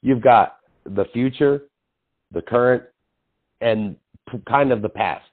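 A man's voice: mid-range voice, takes it slowly. A young man co-hosting a podcast, telling a long, profane story with lots of acted-out quotes and fillers. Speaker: podcast co-host. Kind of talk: casual chat. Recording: tinny phone-like sound.

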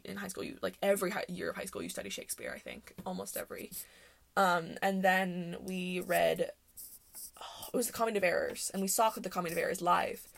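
A woman's voice: fairly low pitch, vocal fry. A young woman hosting a podcast, chatting casually and rambling with lots of fillers, often laughing as she talks. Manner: rambling and chatty, with many fillers and self-interruptions; laughs often while talking. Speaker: podcast host. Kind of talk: casual solo chat.

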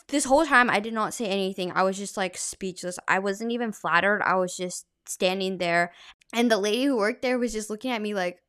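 A woman's voice: mid-range voice, brisk, a bit bright, no room sound. Chatty young woman podcaster, dry sound. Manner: chatty, filler-heavy retelling with frequent "like". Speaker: podcast host. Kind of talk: casual storytelling podcast.

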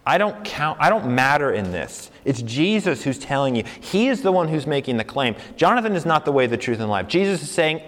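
A male pastor giving an animated sermon, with emphatic rises and slow, deliberate readings. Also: fairly high pitch, long reverb tail.

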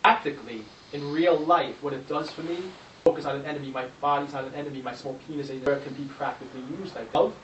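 A man's voice: on the high side, steady tone, quick pace. Distant questioning man in a roomy hall. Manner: searching, questioning. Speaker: audience member asking questions. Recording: roomy, distant audience mic with faint noise.

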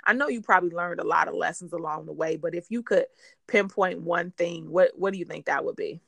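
A woman's voice: on the low side, fairly quick, gravelly, no room sound. A woman hosting a faith-based interview, encouraging her guest and often restarting her sentences. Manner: warm encouraging, many restarts and laughs. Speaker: podcast host.

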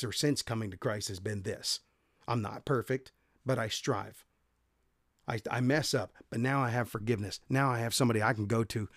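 A man's voice: medium pitch, dry recording, clean studio sound. A man hosting a devotional podcast, reading Bible passages aloud and explaining them in a casual, conversational way with frequent self-corrections. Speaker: podcast host and Bible teacher.

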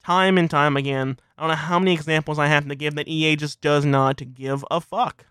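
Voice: medium pitch, steady tone, a little fast, fairly bright tone, clear, resonant tone, dry recording, clean studio sound. A gaming commentator ranting heatedly, swearing constantly and firing off rhetorical questions.

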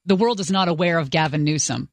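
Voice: medium pitch, quick pace, no room sound. A talk radio co-host giving wry, exasperated commentary and reading show teasers. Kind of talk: casual talk radio banter. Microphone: studio microphone.

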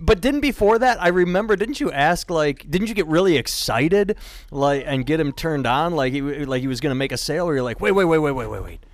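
A man's voice: fairly high pitch, fairly quick, no room sound. A man hosting a podcast, chatty and profane as he recaps a story and closes the show. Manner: profane, chatty, plugs websites. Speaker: podcast host. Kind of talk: casual podcast chat.

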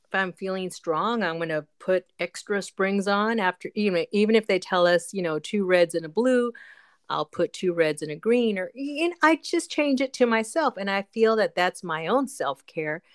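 A woman's voice: medium pitch, lively intonation, normal speed. A woman hosting a casual podcast chat, encouraging and chatty, with many fillers. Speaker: podcast host.

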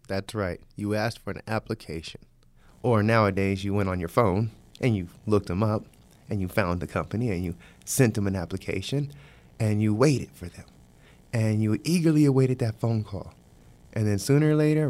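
A man's voice: fairly low pitch, normal speed, a little mellow, a little hiss or hum. A man hosting a monologue show, talking conversationally to the listener and acting out quoted voices. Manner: conversational, talks straight to the listener. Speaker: host.

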